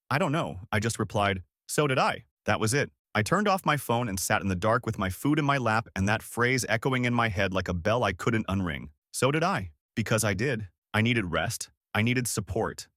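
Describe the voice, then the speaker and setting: A man's voice: fairly low pitch, fairly bright tone, dry recording, clean studio sound. A man in his thirties narrating a first-person story from a script, in a wry, sarcastic way.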